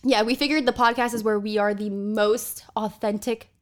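A young adult woman co-hosting a podcast in a quick, casual chatty way. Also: mid-range voice, fairly even intonation. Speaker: podcast co-host. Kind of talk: casual chat.

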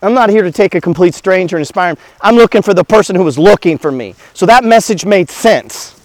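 A man delivers a motivational talk about money in a blunt, preachy way, swearing freely and firing rhetorical questions at the listener. His voice sits somewhat high for a man, and the sound is dry with no room echo. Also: animated, fairly quick, darkish tone. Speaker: host.

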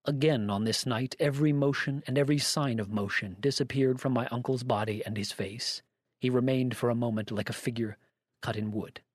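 Male audiobook narrator, measured delivery, husky, dry close sound. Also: mid-range voice, fairly even intonation, no echo. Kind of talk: scripted narration of a story.

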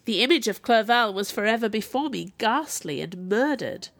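A woman reading a classic novel aloud as narrator, with expressive, dramatic delivery. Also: fairly high pitch, moderate pace, no echo. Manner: expressive, dramatic in quoted speech.

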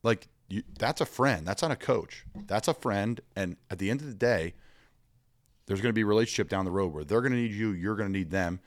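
Low-voiced man telling lively stories. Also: brisk, dry recording. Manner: energetic, acts out quoted voices, rambling asides. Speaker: guest, pro football tight end. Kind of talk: animated storytelling conversation.

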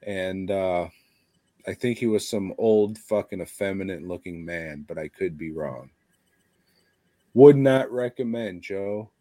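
A man's voice: deep voice, unhurried, warm tone, no echo. A man co-hosting a casual podcast, ranting bluntly with constant swearing. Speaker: podcast co-host. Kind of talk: casual chat.

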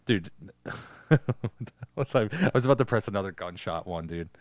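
A man's voice: lowish voice, moderate pace, no echo. A man co-hosting a casual movie recap podcast, swearing freely and acting out scenes in silly voices. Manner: profane, animated, acts out scenes in silly voices. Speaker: podcast co-host.

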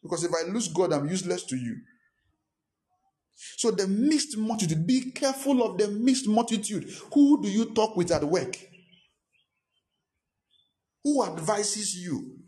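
A man preaching a sermon with emphatic repetition and pointed rhetorical questions. His voice sits a little high for a man, and he repeats each point with insistence. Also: expressive, unhurried, long pauses, mellow. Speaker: pastor.

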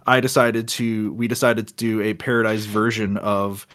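A young man from Florida chats on a casual podcast he co-hosts over a home computer call. His voice sits low, and he talks in excitable bursts with stumbling restarts and sudden loud laughs. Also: normal speed. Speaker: podcast co-host. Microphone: home computer mic on a call.

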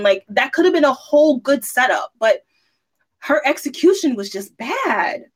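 A woman giving her take on a book in a casual podcast chat. She talks in long, critical stretches, laying out what the author should have done. Her voice is fairly high. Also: normal speed. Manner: critical, explains her view at length. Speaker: podcast co-host.

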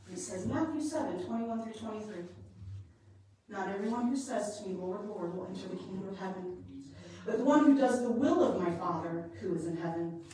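A woman leading women's ministry, preaching a conference sermon as testimony, by turns hushed and fervent. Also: medium pitch, far from the mic, slight background noise. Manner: impassioned, rising from hushed to loud and fervent. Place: large conference hall. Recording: echoey hall, recorded from afar.

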